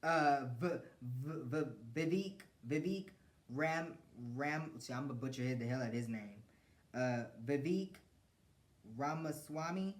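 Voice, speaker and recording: A man's voice: medium pitch, measured pace. Mocking man ranting in a roomy space. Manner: blunt, mocking, laughs often, restarts words. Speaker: podcast host. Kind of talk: profane political commentary rant. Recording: roomy echo.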